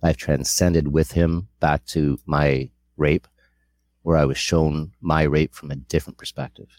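A man's voice: rumbling low, level tone, unhurried, darkish tone, dry recording. A middle-aged man sharing a candid personal testimony, earnest and rambling with frequent restarts.

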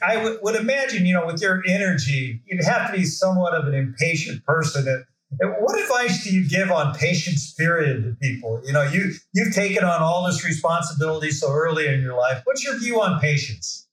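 Higher-voiced male interviewer in roomy echo. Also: lively intonation, a little fast, a bit bright. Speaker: interview host. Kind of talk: interview questions.

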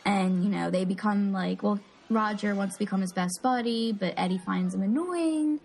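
A woman's voice: medium pitch, moderate pace, vocal fry, darkish tone, poor audio. A woman co-hosting a movie podcast, chatty and self-deprecating, with many fillers. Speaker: podcast co-host. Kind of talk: casual movie podcast chat.

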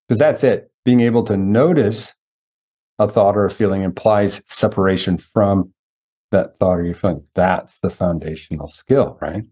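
Animated man telling stories, husky voice. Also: sits low. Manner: animated storyteller, slows down for emphasis. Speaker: podcast host. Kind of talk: conversational interview.

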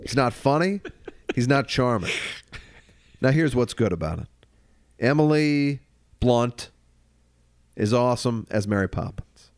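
A man co-hosting a podcast, chatting loosely about movies with quick jokes, bursts of mock singing and frequent laughter. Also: mid-range voice, lively intonation, no echo, studio quality. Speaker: podcast co-host. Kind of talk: casual comedic movie chat.

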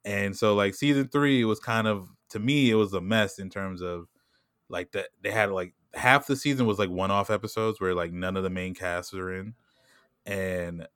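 Casting note: low-voiced guy, loose rambling talk full of fillers, dry close sound. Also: fairly bright tone, smooth, dry recording. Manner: rambling, heavy "like" and "you know what I'm saying"; laughs often and puts on quick voices when quoting people. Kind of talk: casual chat.

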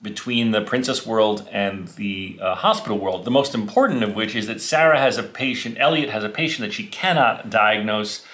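A man co-hosting a podcast, recapping a TV episode in casual, animated chat and laughing along. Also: fairly low pitch, normal speed, hardly any pauses. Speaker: podcast co-host.

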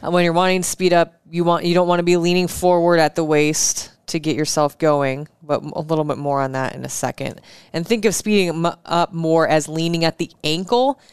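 A woman co-hosting a casual chat, calmly explaining running technique step by step. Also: low-pitched, fairly quick, clean tone, no room sound, studio quality. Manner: calm, explanatory. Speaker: podcast co-host.

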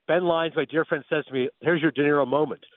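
A man telling lively anecdotes as a guest analyst, laughing as he talks, calling in on a phone hotline. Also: fairly high pitch, fast, dry recording. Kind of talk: animated anecdote storytelling. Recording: tinny phone line.

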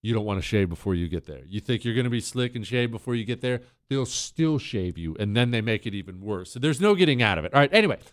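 Smooth-voiced talk host telling a story. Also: male voice, mid-range voice, fast talker, few pauses, no room sound, clean studio sound. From Montana. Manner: conversational, wry, animated when shouting drill instructor lines. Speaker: radio talk show host. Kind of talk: storytelling monologue.

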